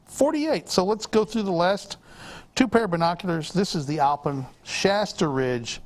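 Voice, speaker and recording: A man's voice: high voice, animated, normal speed. A man hosting an outdoor gear show, chatting casually about binoculars and correcting himself as he goes. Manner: rambling, self-correcting, teasing. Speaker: show host. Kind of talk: casual on-air product chat.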